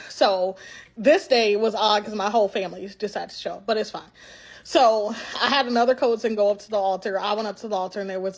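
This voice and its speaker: In a casual vlog, a young adult woman tells a personal story with a slightly high voice, animated and chatty, acting out what people said and frequently asking "right?".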